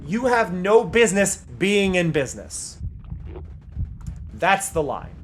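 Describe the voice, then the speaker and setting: High-voiced heated streamer. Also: male voice, lively intonation, slow, long pauses, slight background noise. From United States. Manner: heated ranting, emphatic repetition; playful, reads game text aloud mockingly. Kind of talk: live gameplay stream chat.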